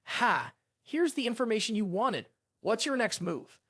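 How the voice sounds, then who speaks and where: A narrator voicing a young woman who is quick to get exasperated. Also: mid-range voice, very animated, fairly bright tone, no echo, studio quality. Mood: plain. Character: young woman, indignant then apologetic.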